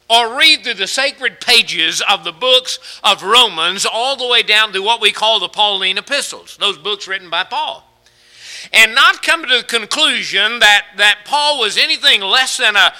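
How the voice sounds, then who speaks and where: A man's voice: high-pitched, bright, forceful tone. A man preaching a sermon to a congregation, mixing scripture with folksy stories and building emphasis. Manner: folksy storytelling with rising emphasis.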